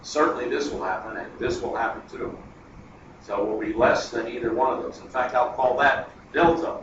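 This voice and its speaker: A man's voice: medium pitch, moderate pace. A man giving a math lecture at a board, chatty and digressive, thinking aloud as he goes. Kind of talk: classroom lecture. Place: classroom. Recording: echoey classroom, distant lo-fi mic, noisy.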